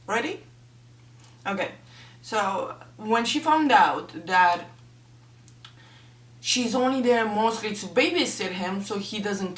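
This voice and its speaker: A woman's voice: medium pitch, fairly bright tone. A woman reviewing a book in a casual vlog, talking in a chatty, emotional way with lots of fillers. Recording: echoey room, mic at a distance.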